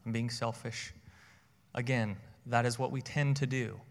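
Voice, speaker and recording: Casting note: man preaching, conversational storyteller, mid pitch, long hall reverb. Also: fairly even intonation, measured pace. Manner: conversational, repeats words at starts of phrases. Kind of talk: sermon with personal story.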